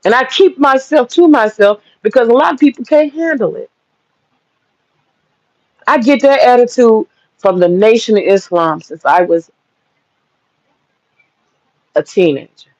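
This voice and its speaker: A woman's voice: a little high, lively intonation, measured pace, pauses often, no echo. A woman holds forth on her livestream in a blunt, profane, heated rant. She hits her points hard. The audio is dull, lo-fi and dry. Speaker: livestream host.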